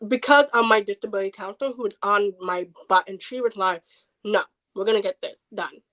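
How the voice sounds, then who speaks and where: A woman's voice: mid-range voice, brisk, low-quality recording. A woman guest who is hard of hearing, telling a personal story in a podcast interview and acting out what others said. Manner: animated, acts out quoted people.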